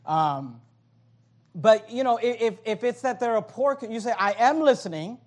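A pastor with a high, bright voice preaches a sermon in an animated, joking manner. He keeps slipping into quick impressions of other people's voices, then comes back to his numbered points.

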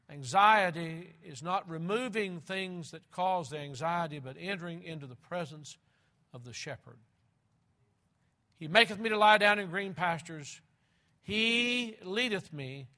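Male preacher, sermon delivery; fairly high, bright and forceful tone, slow deliberate emphasis and repeated phrases. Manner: swings between loud and hushed.

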